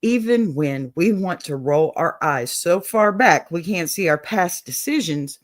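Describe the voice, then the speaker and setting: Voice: medium pitch, no echo. Southern-accented host with a dry close sound. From Texas. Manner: warm encouraging, peppered with "okay?" and "y'all". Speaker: advice show host. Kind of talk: casual advice-show monologue.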